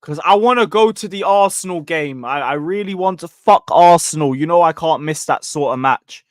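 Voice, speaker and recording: A man's voice: on the high side, moderate pace, dry recording, studio quality. A young man giving a blunt, sweary, rambling live review of a football match and reading viewer comments. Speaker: football fan channel host.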